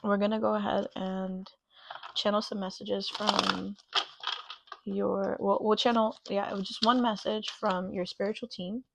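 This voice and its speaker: Gravelly, gushing woman doing a tarot reading. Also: mid-range voice, flat delivery, a little slow, a bit bright, a little hiss or hum. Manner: gushing and emotional, many "like" fillers. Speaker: tarot reader. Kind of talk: pick-a-card tarot reading.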